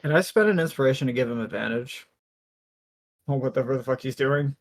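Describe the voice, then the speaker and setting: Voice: mid-range voice, brisk. Joking, profane tabletop player. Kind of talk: casual tabletop play.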